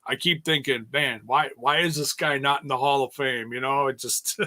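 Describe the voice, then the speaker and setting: A man's voice: medium pitch, steady tone, moderate pace, pushed and bright. A man co-hosting a casual wrestling review podcast, speaking in an earnest, thoughtful way. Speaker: podcast co-host.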